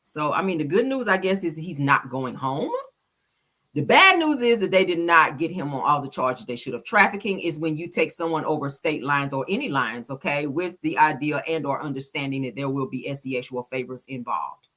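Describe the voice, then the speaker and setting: A woman hosts casual news commentary, blunt and profane, speaking straight to her viewers. Her voice sits fairly low for a woman but swings widely in pitch, with a bright, forceful tone. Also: moderate pace. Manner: animated, blunt, profane, addresses viewers directly. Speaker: commentary host.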